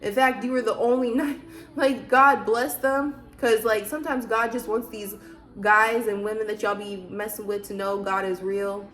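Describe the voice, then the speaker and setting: A woman's voice: medium pitch, fairly even intonation, normal speed, fairly bright tone. Woman giving an emphatic faith talk. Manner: emphatic, preachy, many rhetorical questions; loose, chatty, frequent fillers. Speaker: vlogger. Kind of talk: casual faith talk to camera.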